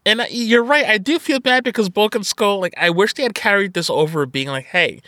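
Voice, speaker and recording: A man co-hosts a casual movie review podcast, animated and quick to swear and laugh. His voice sits a little high and sounds bright. The sound is dry and close, with little room around it. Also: dry recording. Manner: animated, profane, laughs often. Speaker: podcast co-host.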